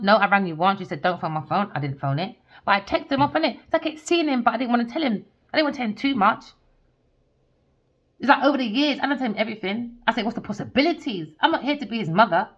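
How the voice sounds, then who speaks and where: A woman's voice: medium pitch, muffled recording. A woman, a tarot reader delivering a heated, sweary rant as an angry monologue.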